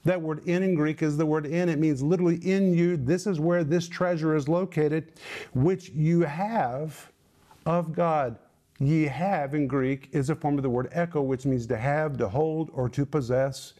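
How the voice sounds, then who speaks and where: A middle-aged man delivers televised Bible teaching in a fairly high, mellow voice. He speaks earnestly and presses his points home with rising emphasis. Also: fairly even intonation, unhurried. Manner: emphatic, rising to forceful exhortation.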